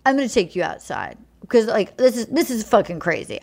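Animated, profane podcast host woman. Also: a little high, a little fast, vocal fry, hardly any pauses. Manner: animated, profane, acts out quotes. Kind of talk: casual chat recapping a show.

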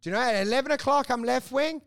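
Brief: podcast co-host, crude and rambling, high pitch with fry. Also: male voice, fast, a bit bright. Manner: crude, rambling, mock-quoting himself. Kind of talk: casual comedic chat.

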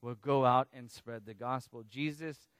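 A man preaching a sermon, teaching through a Bible passage in a conversational, animated way with casual asides. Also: mid-range voice, a little slow, clear, resonant tone, no echo. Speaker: pastor.

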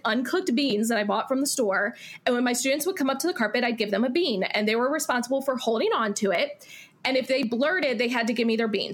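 A young adult woman, an elementary school teacher, telling classroom stories in a casual interview, chatty with lots of fillers and frequent laughter. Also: on the high side.

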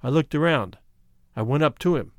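Male audiobook narrator, high and animated, close dry sound, expressive memoir read. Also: normal speed, no room sound. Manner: expressive storytelling reading, voicing quoted speakers. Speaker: audiobook reader.

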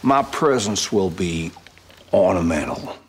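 An actor playing a courtly, unhurried Southern gentleman detective in a film, with an old-fashioned non-rhotic Southern US accent and a husky drawl. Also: deep voice, animated, a little hiss or hum. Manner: slow, drawn-out, courtly phrasing. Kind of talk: film dialogue.

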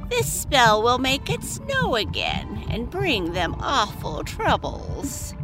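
A woman's voice: fairly high pitch, huge pitch swings, slow pace, music in the background, voice pushed up, full character voice. A woman voicing a lonely, grumpy old witch woman with a cranky, sulky way of talking. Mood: spiteful.

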